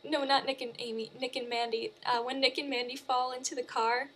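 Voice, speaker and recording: A woman casually recapping a movie in a chatty, animated way. She uses lots of fillers and corrects herself as she goes. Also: high-pitched, fairly quick, slight background noise. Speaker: movie reviewer.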